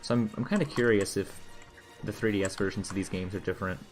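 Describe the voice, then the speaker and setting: A man's voice: fairly low pitch, steady tone, fast, faint music behind. A young man streaming a video game, muttering casual, profane, sarcastic commentary as he plays.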